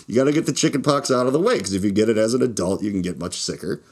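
A man in a loose, rambling monologue, his pitch swinging up and down as he talks. He is a stand-up comic hosting his own show, who keeps restarting sentences and laughing at his own jokes. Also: expressive, rapid-fire. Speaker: podcast host and stand-up comic.

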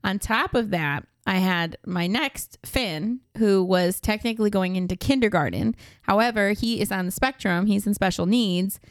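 Chatty woman telling animated stories. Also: medium pitch, normal speed, few pauses, no echo, clean studio sound. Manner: animated storytelling, mimics voices, laughs often. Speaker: podcast co-host. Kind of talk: casual chat.

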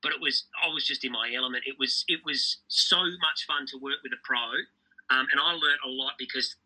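Aussie commentator guy on an interview, keen and rambling, really bright sharp tone with a husky edge. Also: mid-range voice, steady tone, low-quality recording. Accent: Australian. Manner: enthusiastic, fast storytelling with repeated restarts. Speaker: tennis commentator guest. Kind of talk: casual interview chat.

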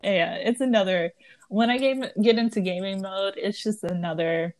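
Speaking at normal speed in a mid-range voice, with slight background noise, this podcast co-host is a woman in her twenties. The casual chat is animated, full of laughter, fillers and restarts.

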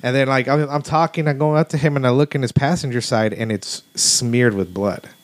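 A man's voice: mid-range voice, a little fast. A man from Houston telling stories on a casual podcast, laid-back and swearing freely with lots of fillers. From Houston, Texas. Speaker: podcast host. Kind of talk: casual storytelling chat.

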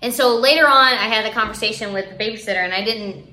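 A woman's voice: a little high, fast, sharp tone. A woman in her thirties, a parent, talking in a casual, chatty way with lots of "like" fillers. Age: 30s. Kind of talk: casual chat. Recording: roomy echo.

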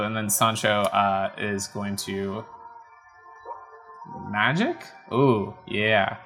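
A man with a fairly low voice talks through a game live on stream, wry and easily amused. He chats casually into a desk mic at home while soft game music plays faintly behind him. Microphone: webcam setup with desk mic.

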